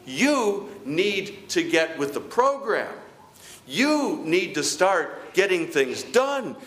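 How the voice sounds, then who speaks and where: A man's voice: sits high, very animated, takes it slowly, fairly bright tone, voice pushed up, exaggerated voice. A man preaching a sermon, voicing the apostle Peter as he scolds his teacher in exasperated disbelief. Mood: indignant. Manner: exasperated, incredulous rebuking.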